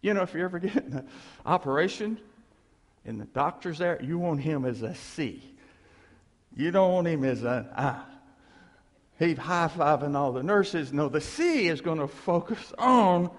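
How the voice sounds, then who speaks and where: A male pastor giving a conversational sermon, animated, checking in with the listeners and asking "okay?" again and again. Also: on the high side, unhurried, big-room sound.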